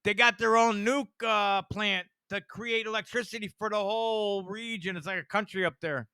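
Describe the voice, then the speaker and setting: A man's voice: sits high, fairly even intonation, moderate pace, sharp tone, smooth, no room sound. A man giving rambling, profane commentary with a conspiratorial edge, full of asides and chuckles. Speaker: online commentator.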